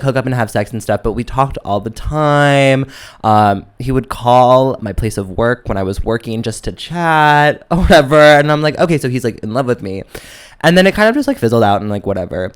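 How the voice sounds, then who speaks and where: Male podcast co-host, chatty storyteller, clear smooth voice, mid pitch. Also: expressive, normal speed. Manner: chatty, gossipy, lots of "like". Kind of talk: casual chat, storytelling.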